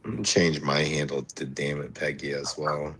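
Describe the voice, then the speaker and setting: Man co-host, very low voice, teasing banter. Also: moderate pace, a bit bright, slightly rough. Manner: joking, teasing. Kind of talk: casual chat.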